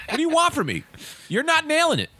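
Animated, bright-voiced man. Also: extremely high pitch, no room sound. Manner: loud, animated, puts on silly accents for jokes. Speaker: podcast co-host. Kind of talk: crude comedic podcast banter.

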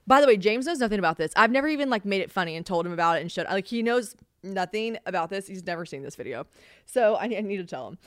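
A woman's voice: mid-range voice, no room sound, studio quality. A young woman hosting a podcast, chatting casually and venting in an exasperated way, swearing freely and saying "like" constantly. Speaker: podcast host. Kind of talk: casual solo chat.

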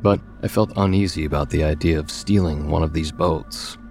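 A man narrating a scripted horror story in a measured, steady storytelling manner. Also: a bass voice, gravelly, faint music behind.

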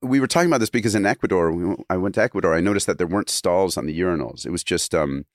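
A man's voice: sits low, very fast, dry recording, clean studio sound. A man guest in a casual podcast chat, rambling through stories with restarts and laughing asides.

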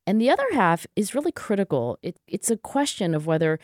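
A woman psychologist and author being interviewed, speaking in an earnest, thoughtful way with quick restarts. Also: mid-range voice, big pitch swings, a little mellow, no echo, studio quality. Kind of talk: interview conversation.

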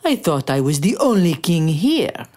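A woman voicing a podgy, pompous male king who speaks in a grand, drawn-out way. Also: deep voice, very animated, a little mellow, heavily acted.

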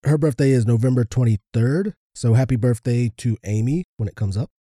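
A man co-hosting a podcast, reading birthday shout-outs in a low-key, flat delivery. His voice is very dark and mellow, recorded dry and close. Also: brisk, dry recording. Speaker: podcast co-host. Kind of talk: casual chat.

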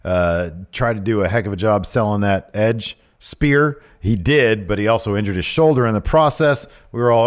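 A man co-hosting a podcast in loose, casual chat. He jumps in with excitable, jokey reactions. His voice sits on the low side. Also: normal speed, hardly any pauses. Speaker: podcast co-host.

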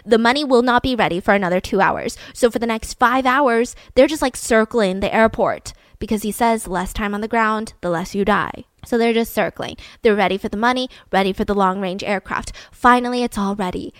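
A young woman telling a true story casually, animated and slangy, swinging between loud and hushed. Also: fairly high pitch, no room sound. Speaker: podcast storyteller.

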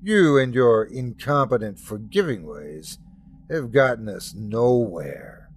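A man's voice: mid-range voice, very animated, slow, a little hiss or hum. A man voicing a jealous, domineering male God who rants and mocks. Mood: mocking. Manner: scornful, mocking rants.

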